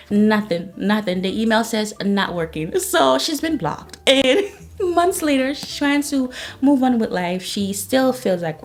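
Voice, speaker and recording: A young woman chatting about books she read this month, gushing and retelling plots with quick quoted asides. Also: medium pitch, soft background music. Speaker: book reviewer. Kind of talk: casual monthly reading wrap-up.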